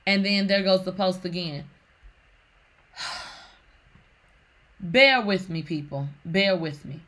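A woman's voice: lowish voice, takes it slowly. A woman hosting casual gossip commentary in a sassy, slangy way, reading out online comments and reacting to them. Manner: sassy, animated, slangy, reads comments aloud. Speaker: commentary host.

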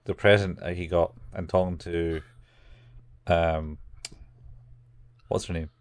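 A man's voice: deep voice, steady tone, slow pace, clear, resonant tone, no echo. A man casually recapping anime episodes as a podcast co-host, rambling and acting out the characters' lines.

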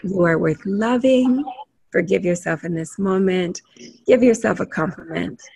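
Husky woman leading a self-help panel. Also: fairly low pitch, a little slow, dark tone. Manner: encouraging, asks the group questions. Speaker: group facilitator.

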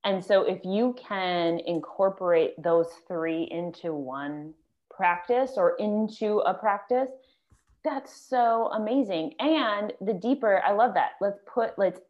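A woman's voice: mid-range voice, slow. Encouraging woman on muffled audio. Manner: encouraging, coaching tone. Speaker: breathwork facilitator. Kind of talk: casual chat about breathwork.

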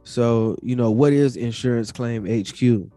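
A man hosting a podcast, asking questions in a relaxed, casual way with lots of fillers. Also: mid-range voice, unhurried, no room sound, soft background music. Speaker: podcast host.

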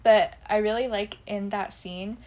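Young woman, podcast co-host, casual and chatty, acts out quotes, mid pitch. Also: steady tone, a little slow, a little mellow. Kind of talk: casual chat.

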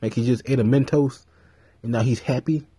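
A man talking casually on his vlog, rambling and cursing freely as he tells stories. His voice is husky and mellow, at a middle pitch. The recording is dry, with no room sound. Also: fairly quick, no room sound. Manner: rambling, profane, animated storytelling. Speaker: vlogger. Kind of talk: casual commentary.

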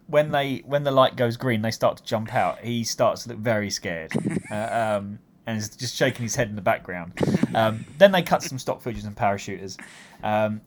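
Man, casual podcast co-host, mid-pitched, rambling, faint hiss behind. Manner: rambling, amused, many fillers. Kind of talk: casual comedic chat.

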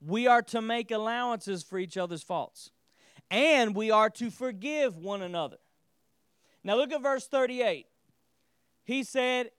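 A male pastor preaches with a high, smooth, resonant voice. He drives his sermon with call-and-response, asking listeners to repeat words and restating his points. The sound is close and dry. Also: normal speed, a bit bright, no echo.

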